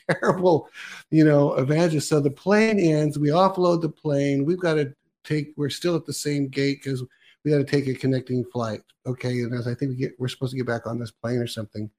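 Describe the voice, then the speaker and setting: A man's voice: medium pitch, steady tone, brisk, darkish tone. A man hosts a faith talk show and chats casually in a mid-range voice. He tells a long story, stepping into quoted lines as he goes. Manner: rambling storyteller, quoting himself and others. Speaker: host.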